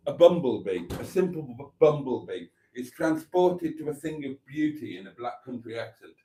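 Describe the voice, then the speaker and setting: This man, a livestream host with a medium-pitched, warm voice, reads viewer messages out loud during a laid-back live chat, playing them up in a campy, humorous style.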